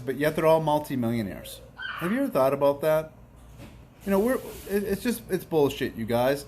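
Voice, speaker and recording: A man's voice: fairly high pitch, slight background noise. Blunt ranting man. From Boston. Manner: blunt, profane, heated. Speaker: host. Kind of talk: ranting talk show monologue.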